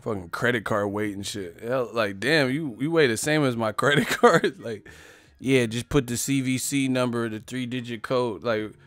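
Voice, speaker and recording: A man's voice: mid-range voice, moderate pace, fairly bright tone, no echo, soft background music. Laughing, profane man ranting about boxing. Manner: profane, laughing often, mocking riffs. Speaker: boxing commentator. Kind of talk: casual comedic rant.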